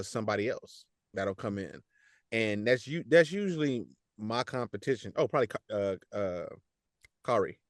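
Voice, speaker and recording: Male voice actor guest, low and relaxed, animated slangy talk, dry close mic. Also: clean tone, dry recording. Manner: animated, laughs often, slangy, repeats words. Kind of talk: casual podcast interview.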